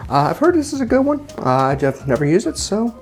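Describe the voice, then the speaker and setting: A man's voice: sits high, very animated, fairly quick, faint music behind. Chatty man giving a cocktail tutorial. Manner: chatty and informal, with many fillers and self-corrections. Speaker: home bartender demonstrating cocktails.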